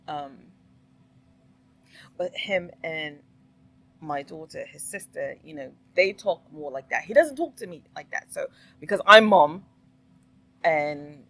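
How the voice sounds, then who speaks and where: Slow-talking opinionated woman. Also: low-pitched, lively intonation, vocal fry, poor audio. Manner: opinionated, laughs often, rhetorical questions. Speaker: commentary vlogger. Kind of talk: casual reaction commentary.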